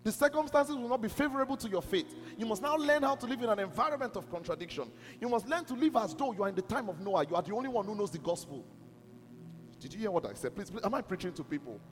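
A man's voice: sits high, sing-song, quick pace. A man preaching a sermon to a church, emphatic and repeatedly asking whether his listeners are listening. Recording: music under a long hall reverb.

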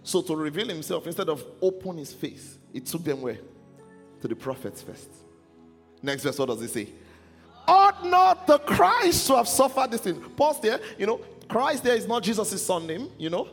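A male preacher in full sermon flow. His voice sits high and swings widely in pitch, and he keeps drawing his listeners into call-and-response. The sound carries the long reverb of a large hall, with faint music in the background. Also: sing-song, moderate pace. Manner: call-and-response, often asks the congregation if they follow.

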